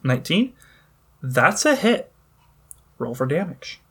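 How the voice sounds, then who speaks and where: A man's voice: a little high, sing-song, sharp tone, husky. Man narrating as game master. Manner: measured descriptive storytelling with occasional fillers.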